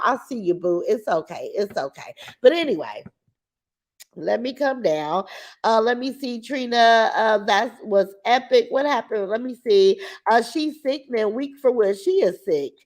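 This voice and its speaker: A woman hosting a livestream, reading viewer comments aloud and giving her opinions in casual chat. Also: on the high side. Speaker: livestream host.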